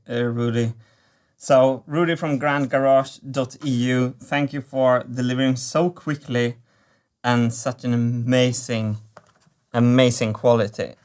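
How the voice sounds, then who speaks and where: A man narrating a workshop vlog, enthusiastic and quick to laugh. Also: medium pitch. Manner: excitable, laughs often, enthusiastic. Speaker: maker and engineering video creator.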